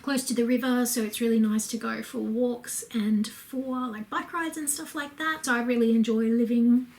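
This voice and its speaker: A woman's voice: on the high side, steady tone, moderate pace, a little mellow. A woman in her thirties with an Australian accent, chatting casually and candidly to camera while answering viewer questions. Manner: chatty and candid, many fillers and asides. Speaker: home and lifestyle vlogger.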